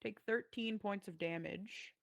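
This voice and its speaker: A woman runs a tabletop game as game master, narrating in a casual, halting way with plenty of fillers. Her voice has a gravelly edge and sounds dry and close to the mic. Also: medium pitch, dry recording.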